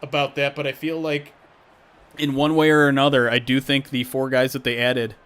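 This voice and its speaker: A man's voice: mid-range voice, little pitch movement, moderate pace, clean tone. Chatty man streaming game commentary. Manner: chatty, reads chat aloud, gets loud at big plays. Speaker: streamer hosting a game simulation. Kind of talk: casual live-stream commentary.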